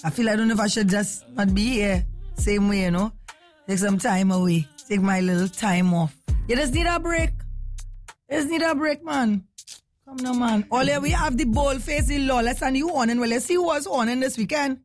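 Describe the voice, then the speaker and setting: Chatty high-voiced woman host. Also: normal speed, faint music behind. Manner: lively, chatty, laughs often. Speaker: radio show host. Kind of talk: casual morning show chat.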